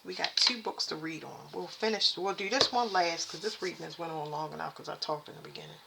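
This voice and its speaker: A woman doing a casual spiritual reading, chatting to her viewers and haltingly reading text aloud. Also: sits low, gravelly, very noisy. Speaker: spiritual reader addressing viewers.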